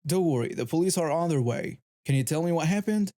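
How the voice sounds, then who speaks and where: A firm, protective male bystander, as a narrator plays him in a storybook tale. He speaks a bit higher than the narration, with a dark, mellow tone. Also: lively intonation, fast talker, natural voice. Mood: kind.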